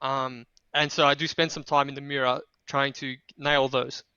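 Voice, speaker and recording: A man's voice: medium pitch, level tone, normal speed, sharp tone, clear, resonant tone, no echo, muffled recording. A man co-hosting an esports broadcast, joking and boasting playfully about himself in casual banter. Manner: boastful, jokey, self-mocking.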